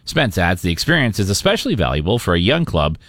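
Male radio newsreader, low voice, lively pitch, dry close sound. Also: no room sound. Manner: steady, measured newsreader delivery. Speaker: radio news anchor. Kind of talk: scripted newscast reading.

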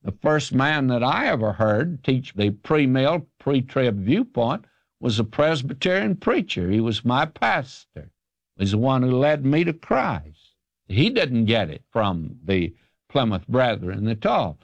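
A man's voice: medium pitch, very animated, unhurried, no room sound, highs cut off. An older man from the South, answering listeners' questions as a radio Bible teacher in an emphatic, folksy way. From American South.

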